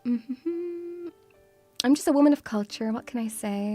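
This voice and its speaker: A woman's voice: high-pitched, animated, a little slow, warm tone, faint music behind. A woman streamer chatting casually and playfully with her viewers. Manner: playful, bubbly, teasing. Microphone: studio mic through audio mixer.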